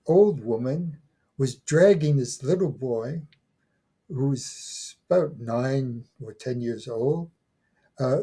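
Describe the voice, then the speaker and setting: An elderly man in his eighties speaks slowly and haltingly as an interview guest, repeating words as he restarts his phrases. His voice is mellow and a little husky. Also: mid-range voice. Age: 80s. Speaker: guest, folklore scholar. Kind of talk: conversational interview.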